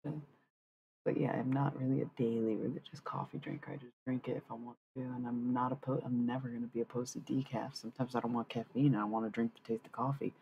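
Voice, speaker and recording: A woman's voice: rumbling low, level tone, fast talker, gravelly, muffled recording, slight background noise. A woman livestreamer rambling casually with her viewers, cursing freely as she talks. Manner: rambling, profane, chatty.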